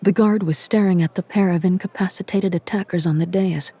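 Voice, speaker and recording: A narrator reading an audiobook drama in a measured, dramatic way. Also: mid-range voice, fairly even intonation, mellow, slightly rough. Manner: measured, dramatic, drops to a whisper at tense moments.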